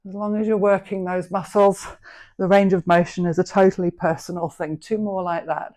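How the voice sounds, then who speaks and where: A woman's voice: fairly low pitch, flat delivery, normal speed, a little mellow. Woman coaching a live workout class. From England. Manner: encouraging, cueing reps and form. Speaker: fitness instructor.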